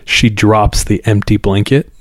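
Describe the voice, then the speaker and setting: Male storyteller, lower register, casual chat, dramatizes quoted voices, dry recording. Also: little pitch movement, measured pace, dry recording. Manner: builds suspense, acts out quoted voices.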